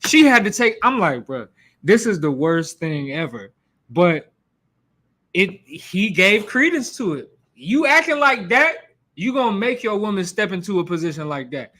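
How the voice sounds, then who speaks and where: Higher-pitched guy teaching bible class, loose and slangy, acts out the lines. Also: moderate pace. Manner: animated, slangy, acts out quotes.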